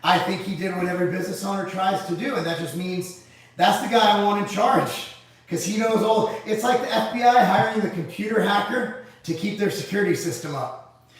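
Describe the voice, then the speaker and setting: A man's voice: high-pitched, a little fast, recorded from a distance. Blunt, profane man in an echoey room. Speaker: livestream host reading viewer comments. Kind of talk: casual live Q&A.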